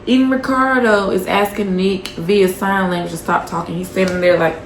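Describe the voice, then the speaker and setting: A woman's voice: medium pitch, fairly even intonation, normal speed, reverberant, a little hiss or hum. A woman casually recapping a reality show episode, gossipy and profane, with lots of fillers.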